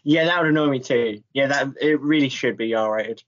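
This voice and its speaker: A man's voice: medium pitch, normal speed, muffled recording, a little hiss or hum. A man co-hosting a podcast in casual chat, laughing often and self-deprecating. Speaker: podcast co-host.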